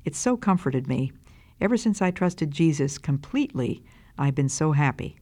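A calm, joyful woman near death, speaking softly and serenely, as a woman reads her lines aloud. Her voice is gentle and unhurried. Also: sits low.

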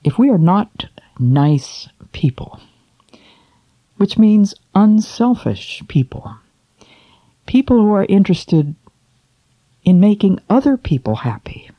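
A woman reading a poem aloud to children, then drawing a moral, slow and expressive, asking her listeners questions. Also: low-pitched, no echo, highs cut off. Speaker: storyteller for children.

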